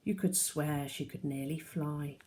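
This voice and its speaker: A woman's voice: deep voice, fairly even intonation, a little slow, darkish tone, slight background noise. A woman reading aloud, voicing a muddled old man who speaks in broad dialect, in a storybook reading. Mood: wistful.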